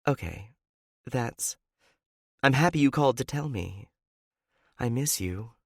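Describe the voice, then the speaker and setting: A man voicing a guarded, tender woman in love who speaks softly and hesitantly in an audiobook. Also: mid-range voice, lively intonation, slow pace, creaky, slightly rough, no echo, studio quality, pitched above the performer's own voice, full character voice. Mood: tender teasing. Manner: soft, hesitant speech.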